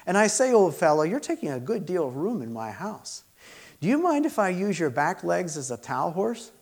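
Give me a cheerful fussy storybook rabbit, read aloud by a man, raised and lively. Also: sits high, normal speed, pitched above the performer's own voice, heavily acted. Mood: cheerfully fussy. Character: fussy chatty male rabbit host.

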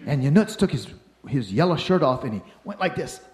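An older man telling a personal story in an animated way, acting out the voices and shouts of the people in it. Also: on the high side, fairly quick, slight background noise. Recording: roomy echo.

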